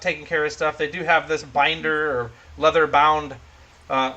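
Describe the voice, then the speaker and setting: A man's voice: on the high side, sharp tone, low-quality recording. A man running a tabletop game as game master, narrating loosely with lots of fillers and restarts. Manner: rambling, filler-heavy narration.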